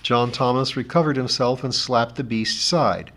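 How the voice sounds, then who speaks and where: A man narrating a novel in a steady, expressive reading voice. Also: medium pitch, moderate pace. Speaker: audiobook narrator.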